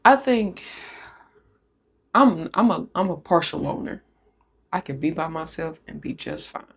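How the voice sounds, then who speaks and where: Blunt, talkative woman podcast host. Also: sits low. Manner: candid, profane, talkative. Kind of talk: casual podcast chat.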